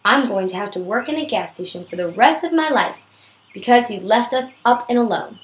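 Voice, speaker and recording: A woman's voice: on the high side, animated, a little fast, reverberant, natural voice. A woman with a sore throat reading aloud as a despairing teenage boy in a reader's theater.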